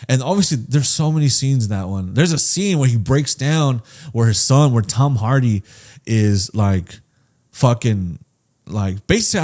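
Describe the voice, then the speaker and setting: A man's voice: mid-range voice, animated, measured pace, a little mellow. A man hosting a podcast, talking casually and earnestly, swearing often and restarting his sentences as he reflects. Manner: candid and reflective. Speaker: podcast host.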